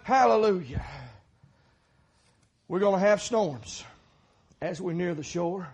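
A middle-aged man preaching a sermon, moving from quiet talk to fervent shouting. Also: high-pitched, measured pace, slightly rough.

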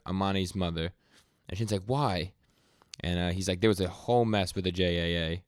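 A man's voice: low-pitched, steady tone, no room sound, studio quality. A young man co-hosting a podcast, retelling comic scenes casually and stumbling over words. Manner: retells scenes in quick quoted lines, many stammers. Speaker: podcast co-host. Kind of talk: casual manga recap chat.

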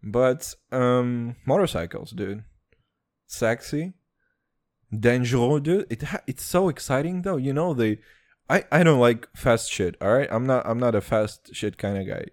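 Here the young man's voice is mid-range, slightly slow, and a little mellow, with no echo. He hosts a casual solo podcast, rambling, foul-mouthed, and self-mocking, with an accent mixing Eastern European and American and Serbian or Turkish as his first language.

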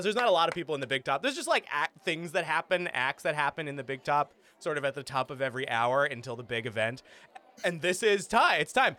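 Lively GM narrator, bright high voice, loose improv delivery. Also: male voice, fast, no room sound. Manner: animated, improvised, many fillers. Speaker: game master. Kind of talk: narrating a tabletop game.

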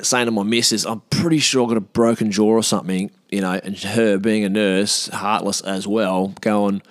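Animated man telling a story. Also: no echo, clean studio sound. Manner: animated, swears, acts out quoted voices higher. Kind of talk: casual storytelling.

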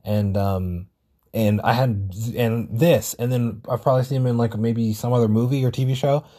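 A man's voice: mid-range voice, steady tone, normal speed, dark tone. A man hosting a solo podcast, talking in a rambling casual way, swearing and correcting himself often. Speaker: podcast host.

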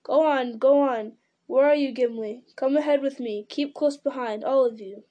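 A woman voicing a commanding old male wizard from a storybook, giving urgent orders in a forceful voice. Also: sits high, normal speed, dull audio, close to an everyday voice. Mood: urging.

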